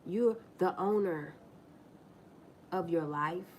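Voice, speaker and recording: A woman's voice: lowish voice, slow, darkish tone, slight background noise. A woman hosting a livestream, ranting in a blunt, profane and mocking way as she tells a story, often repeating herself and restarting lines. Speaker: livestream host. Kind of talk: casual livestream rant.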